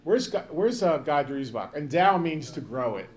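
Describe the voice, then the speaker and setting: A man's voice: fairly high pitch, big pitch swings, moderate pace. Joking man rambling at a banquet. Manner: rambling, joking, addresses the crowd directly. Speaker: banquet speaker. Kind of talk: off-the-cuff banquet speech. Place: banquet hall with a crowd.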